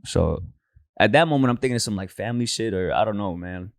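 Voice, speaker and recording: Very deep-voiced slangy man. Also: lively intonation, fast, creaky, no echo, clean studio sound. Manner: slangy, says "bro" constantly. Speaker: podcast co-host. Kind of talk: casual storytelling. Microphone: handheld mic.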